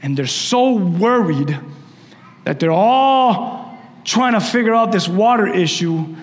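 A high-pitched man preaching with fire, dropping from ringing shouts to near-whispers. His voice carries a long reverb through a church hall. It is a passionate sermon with the congregation addressed directly. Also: lively intonation, takes it slowly. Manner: impassioned, swings from shouting to hushed. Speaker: pastor.

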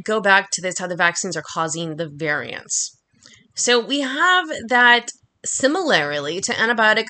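Woman, bright forceful voice, angry monologue, heavy cursing, fast heated delivery. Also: mid-range voice. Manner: heated, swearing constantly, rapid rant.

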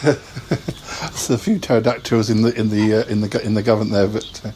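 A man co-hosting a podcast whose voice sits a little low. He jokes easily and riffs on playful ideas in relaxed chat. A faint hiss runs behind him. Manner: jokey, quick to laugh, riffs on ideas. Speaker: podcast co-host. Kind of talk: casual chat.

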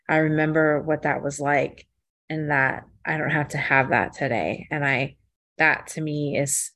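A woman speaking at an online recovery meeting. Her voice is low and the sound is dry, and she talks in a reflective, halting way, with many pauses and ums. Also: fairly bright tone, no room sound. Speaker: meeting member sharing. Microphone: video call.

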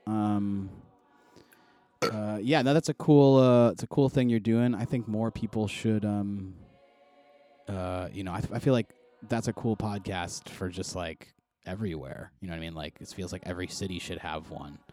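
A man's voice: fairly low pitch, normal speed, dark tone. A man hosting a podcast, chatting loosely and rambling with lots of fillers and restarts. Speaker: podcast host. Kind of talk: casual podcast chat.

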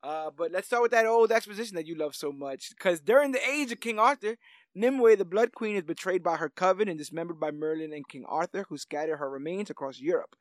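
A man's voice: high voice, brisk, no echo. A man co-hosting a podcast, recapping a movie's plot in casual chat with joking, dry asides. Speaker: podcast co-host.

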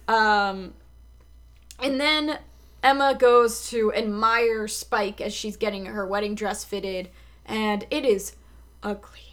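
A woman's voice: a little high, fairly bright tone. A woman co-hosting a podcast, chatting casually and laughing often as she recaps a show. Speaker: podcast co-host.

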